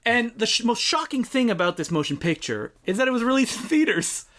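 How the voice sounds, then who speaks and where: A man's voice: very high-pitched, very animated, brisk, a bit bright. A man co-hosting a film podcast, chatting casually and animatedly, laughing often and acting out quotes. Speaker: podcast co-host.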